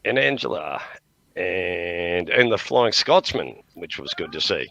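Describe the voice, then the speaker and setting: Deep gravelly older Australian man. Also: big pitch swings, unhurried, a bit bright. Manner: chatty and rambling, talks fondly to his dog. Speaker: livestream host. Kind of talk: casual chat. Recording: dull, lo-fi sound.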